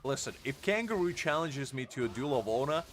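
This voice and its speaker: A man's voice: medium pitch, very animated, a little fast, fairly bright tone. A young man live-streaming a game, chatting casually, laughing often and answering his chat.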